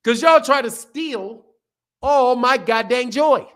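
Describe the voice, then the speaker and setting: A high-pitched man hosting a boxing talk show, ranting in a loose, heated way. He repeats himself, swears freely and jabs at his viewers with blunt scorn. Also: takes it slowly, a bit bright. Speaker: boxing channel host. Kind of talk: heated casual boxing commentary.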